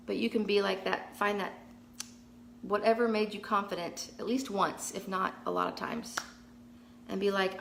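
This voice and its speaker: A woman's voice: mid-range voice, steady tone, normal speed, fairly bright tone, a little hiss or hum. Chatty woman painting in an echoey garage. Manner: chatty, rambling, reads viewer comments aloud. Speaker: painting vlogger. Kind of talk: live-stream painting chat. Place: garage, kneeling on concrete floor.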